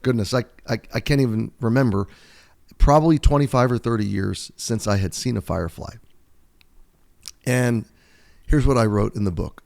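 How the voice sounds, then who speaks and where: Earnest man in his fifties, gravelly voice. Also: mid-range voice, a little mellow. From United States. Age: 50s. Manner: earnest, heartfelt, unhurried. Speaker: devotional Bible teacher. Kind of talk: reflective devotional talk and reading aloud.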